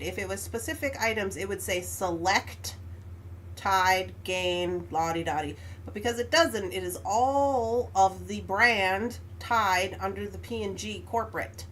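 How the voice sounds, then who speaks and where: A woman's voice: mid-range voice, unhurried, fairly bright tone, slight background noise. A woman hosting a live stream, telling a story in a casual, exasperated way and laughing often.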